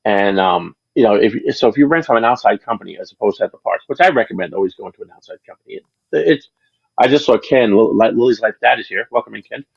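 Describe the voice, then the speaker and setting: A man's voice: lowish voice, expressive, fast talker, vocal fry, slightly rough, no echo, dull audio. A man being interviewed about his channel, chatting casually on a livestream and telling long, rambling stories with many restarts. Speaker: channel creator, interview guest.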